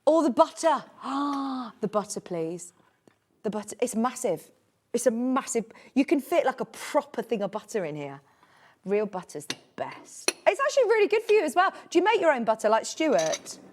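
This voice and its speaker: A woman's voice: a little high, sing-song, normal speed. A British woman in her thirties presenting a live home shopping show, keeping up a bubbly, chatty sales patter. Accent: British English.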